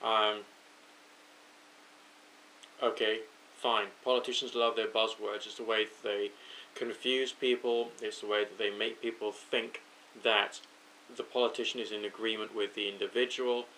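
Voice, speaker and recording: A man's voice: on the low side, flat delivery, unhurried, pushed and bright, slight background noise, rough recording. A British man speaking his thoughts aloud to camera late at night, overtired and rambling, correcting himself as he goes. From United Kingdom. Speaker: vlogger. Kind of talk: late-night thinking out loud.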